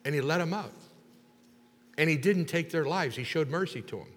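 A man preaching a sermon, retelling a Bible story in an animated way and acting out the characters' lines. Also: fairly high pitch, moderate pace. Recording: long reverb of a large hall.

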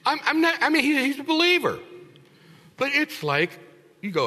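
Lively, bright-voiced preaching man. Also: very high-pitched, normal speed, big-room sound. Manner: animated preaching, acting out congregants in voices. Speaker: pastor. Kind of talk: sermon-style teaching in church.

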